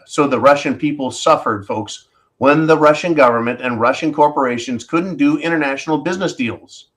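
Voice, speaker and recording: A man hosts a live stream, delivering a ranting commentary monologue. He piles up rhetorical questions and keeps addressing his viewers as folks. His voice sits at an ordinary middle pitch. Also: a bit bright.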